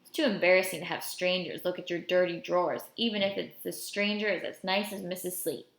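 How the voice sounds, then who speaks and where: A woman's voice: fairly low pitch, fairly even intonation, fairly quick, gravelly. A woman reading a novel aloud, telling the story in the first-person voice of a boy. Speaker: audiobook reader. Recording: roomy echo.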